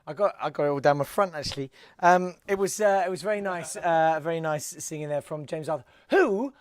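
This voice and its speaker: A man's voice: a little high, brisk. A man hosting a live comedy web show, rambling and self-mocking with mock-grand outbursts.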